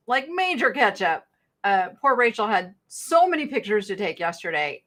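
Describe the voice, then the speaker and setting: A woman's voice: mid-range voice, sharp tone. A woman hosting a live online shopping sale, chatting casually with viewers and laughing often. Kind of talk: casual live-stream sales chat. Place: home studio with sale items behind her.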